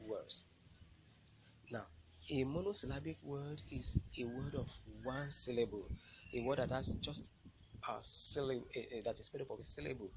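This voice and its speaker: A man with a medium-pitched voice gives a classroom lecture as an English language teacher, explaining things step by step and putting stress on key words. There's noise in the background.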